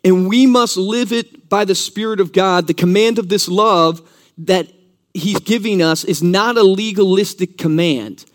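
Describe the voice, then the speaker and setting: A man's voice: high-pitched, unhurried. A man preaching a sermon in church, earnest and teaching, who repeats key points for emphasis.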